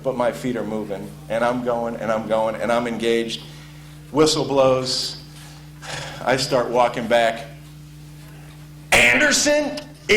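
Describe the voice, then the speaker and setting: A former college football player telling a casual story with lots of ums and uhs. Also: male voice, mid-range voice. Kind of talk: spoken anecdote to an audience. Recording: echoey room with faint hum.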